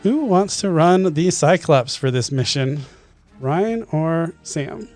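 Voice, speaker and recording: A man's voice: fairly high pitch, animated, slow, a little mellow, faint music behind. Laid-back man running a tabletop game. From Kentucky. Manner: laid-back, laughs often. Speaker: dungeon master.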